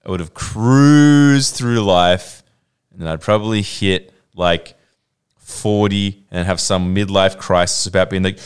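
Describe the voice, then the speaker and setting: Brief: male co-host, low smooth voice, rambling self-mocking banter full of fillers. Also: a little slow. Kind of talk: casual banter.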